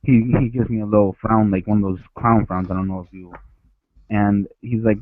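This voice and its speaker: A man from Ecuador phones in on a headset, rambling through a childhood story and restarting often. His voice is lowish and steady at a normal speed, with no room sound, over a dry, tinny, phone-like line.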